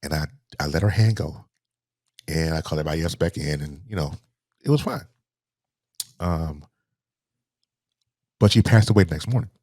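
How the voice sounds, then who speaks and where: A middle-aged man, softly telling a personal story as a podcast guest, halting and restarting as he speaks. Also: very deep voice, dry recording, clean studio sound. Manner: soft-spoken, halting, with repeated restarts.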